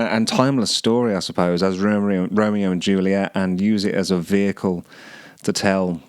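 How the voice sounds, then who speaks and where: A man hosting a podcast, musing over song lyrics and often pausing to search for words. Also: deep voice, clear, resonant tone, no room sound, clean studio sound. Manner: hesitant, searching for words, many restarts. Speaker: podcast host.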